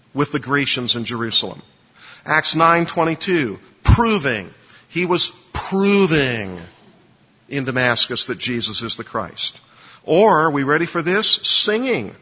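A man's voice: medium pitch, sharp tone, breathy edge. A man lecturing a class on preaching, emphatic, quizzing listeners to fill in blanks in their notes. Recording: dull lo-fi recording with long reverb.

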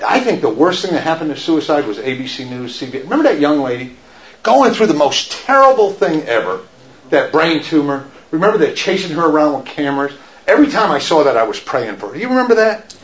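A man's voice: a little high, fast talker. Laughing man telling army stories. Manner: animated storyteller, laughs often, shouts in acted quotes. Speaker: speaker giving a faith talk. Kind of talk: storytelling talk to an audience. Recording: roomy, dull lo-fi sound.

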